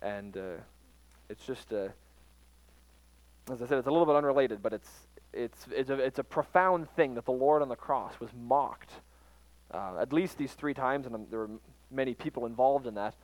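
A man teaching from the Bible in an informal sermon, pausing often with fillers and restarting his sentences. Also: mid-range voice, no echo, rough recording. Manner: halting, frequent fillers and restarts. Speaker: preacher.

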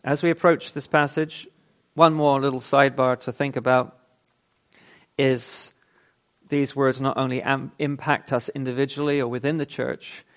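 A man's voice: mid-range voice, flat delivery, normal speed. Earnest man preaching a sermon. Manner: earnest, emphatic scripture reading and conversational preaching. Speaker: pastor.

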